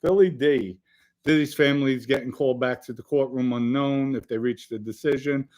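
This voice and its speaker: A man's voice: medium pitch, fairly quick. Joking middle-aged male live-stream host. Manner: loose and joking, with sudden loud bursts. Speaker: podcast host reading live chat. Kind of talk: casual live-stream chat.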